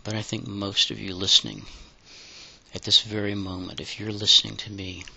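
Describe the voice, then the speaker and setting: A man giving a slow, deliberate solo monologue for his own audio show, in halting phrases that slip into breathy whispers. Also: on the low side, bright, forceful tone, highs cut off. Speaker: audio podcaster.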